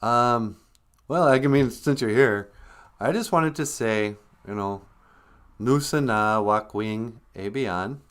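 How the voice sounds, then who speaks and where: A man's voice: medium pitch, slow, fairly bright tone, clear, resonant tone. A man hosting a livestream, chatting casually in a rambling, self-deprecating way. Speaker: livestream host. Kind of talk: casual comedic chat.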